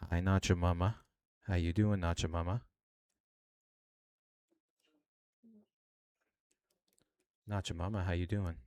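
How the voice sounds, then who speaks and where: A deep, jokey Canadian man's voice, put on by a man, friendly and playfully stretched out. The tone stays smooth and resonant, pitched far below a normal speaking voice, with a dry, close sound. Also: little pitch movement, fairly quick, darkish tone, no room sound, lightly acted. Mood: playful greeting.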